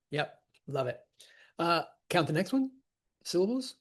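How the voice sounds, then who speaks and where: Husky slow-talking acting teacher, man. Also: fairly high pitch, very animated. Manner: enthusiastic, chatty, laughs often, counts and taps out stresses. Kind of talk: scansion lesson.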